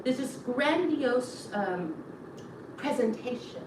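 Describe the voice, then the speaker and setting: Woman chatting in her kitchen, lots of "like", kinda high voice, echoey room. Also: takes it slowly. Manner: animated, acts out quotes, many fillers. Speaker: host. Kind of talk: casual storytelling while cooking. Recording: roomy, distant mic, background noise.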